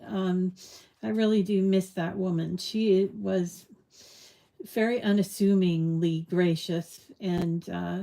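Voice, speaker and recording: Slow, mellow-voiced woman crafting host. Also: medium pitch, gravelly. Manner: rambling, chatty, drifts off on tangents. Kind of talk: casual live crafting tutorial chat.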